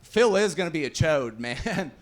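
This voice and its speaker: A man's voice: on the high side, expressive, moderate pace. A man in his thirties doing a casual stand-up set on a club stage, swearing freely and acting out the voices of the people in his stories. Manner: casual, swearing, acts out quotes. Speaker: stand-up comedian. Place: comedy club stage with live audience.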